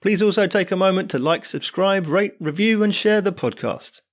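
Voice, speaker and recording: A man's voice: high voice, normal speed. A man hosting a comedy podcast, reading a pun-filled intro and asking questions, laughing often. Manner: wordplay-heavy, laughs often. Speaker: podcast host. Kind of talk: scripted podcast intro, then interview questions.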